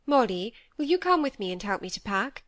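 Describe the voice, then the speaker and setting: A woman's voice: fairly high pitch, sing-song, brisk, dry recording. A woman reading a breezy, charming young woman. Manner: bright, breezy, coaxing.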